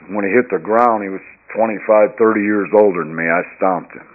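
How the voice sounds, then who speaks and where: A man with a somewhat low voice shares his recovery story as an earnest personal testimony. He moves between hushed, quiet stretches and loud, emphatic passages. The recording sounds dull and lo-fi. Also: normal speed, few pauses. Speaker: speaker sharing his recovery story at a recovery meeting.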